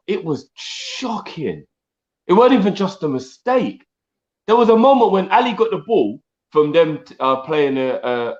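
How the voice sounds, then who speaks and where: A man's voice: a little high, muffled recording. A young man co-hosting a live fan stream, exasperated and slangy. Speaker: fan channel co-host. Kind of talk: live post-match reaction chat.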